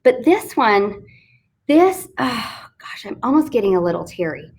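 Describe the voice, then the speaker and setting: A woman's voice: on the high side, sing-song, measured pace, gravelly. A woman from Texas, an author and business coach, telling a candid, self-deprecating story in a casual interview on a live online stream. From Fort Worth, Texas. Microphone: live online video stream.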